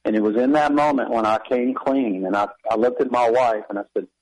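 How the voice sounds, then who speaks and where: A man's voice: mid-range voice, steady tone, brisk, a little mellow, low-quality recording. A man, a pastor and author, telling a candid, confessional personal story in a radio interview with wry self-deprecating humor.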